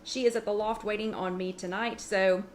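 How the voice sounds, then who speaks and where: In her home kitchen, a chatty middle-aged woman hosts a casual livestream for a weight-loss support group, greeting viewers by name one after another and reading their comments aloud. Her medium-pitched voice stays fairly even at a moderate pace, and now and then she stops to scold her dog. Slight background noise can be heard.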